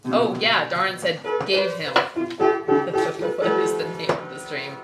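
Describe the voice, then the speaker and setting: A woman's voice: lowish voice, big pitch swings, a little slow, far from the mic. A woman chatting casually on a stream, rambling and reading out viewer comments. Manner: rambling, reads out chat comments. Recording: echoey, away from mic, loud music.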